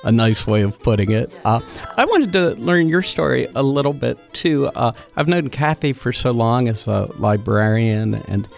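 A man's voice: mid-range voice, animated, normal speed, vocal fry, hardly any pauses, faint music behind. A man hosting a casual interview, hesitant with many fillers and restarts. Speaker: host.

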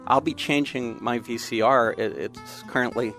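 Fields: Sex: man. Role: radio host. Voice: gravelly. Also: mid-range voice, fairly even intonation, moderate pace, a bit bright, soft background music. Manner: chatty, reads call-in details. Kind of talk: radio talk show. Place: radio studio.

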